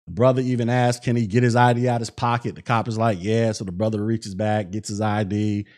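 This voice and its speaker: A man's voice: lowish voice, steady tone, brisk, darkish tone. A man hosting a podcast, recounting events in casual commentary with lots of fillers. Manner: conversational, recounts events with many fillers and acted-out quotes. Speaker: podcast host.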